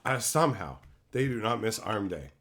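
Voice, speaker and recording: A man's voice: lowish voice, sing-song, moderate pace, fairly bright tone. A man streaming live, chatting casually and riffing on viewer messages with crude, profane jokes. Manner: crude, profane joking banter; riffs on viewer chat messages. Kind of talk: casual livestream chat.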